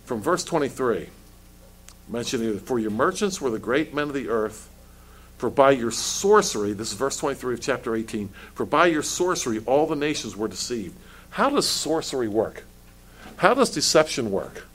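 A man's voice: mid-range voice, sing-song, moderate pace, a bit bright. A male pastor preaching a sermon, asking pointed rhetorical questions and stumbling over restarts as he builds his points.

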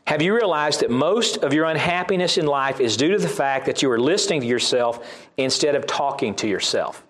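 A man's voice: a little high, animated, fairly quick, fairly bright tone. A man with a Southern US accent preaching a sermon, reading scripture aloud and repeating key lines for emphasis.

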